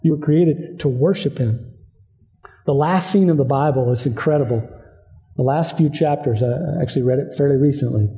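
Earnest preacher man with a dark voice. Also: medium pitch, moderate pace, muffled recording. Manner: earnest preaching, repeats phrases for emphasis. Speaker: pastor. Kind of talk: sermon.

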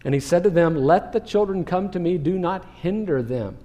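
A man who is a pastor preaching a sermon, animated, sometimes acting out what people in the story say. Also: high voice, moderate pace. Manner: animated preaching, acts out quoted speech.

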